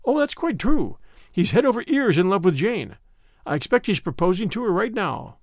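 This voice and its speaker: A man voicing a lively young woman who is playful and teasing, in a bright, coaxing manner. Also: sits high, moderate pace, no echo, studio quality, exaggerated voice. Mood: chirpy.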